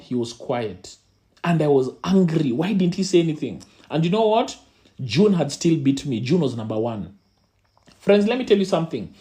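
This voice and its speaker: Animated Kenyan man telling a story. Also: on the high side, normal speed. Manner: animated, dramatic storyteller who repeats phrases for effect. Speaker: youth speaker. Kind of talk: storytelling sermon-style talk.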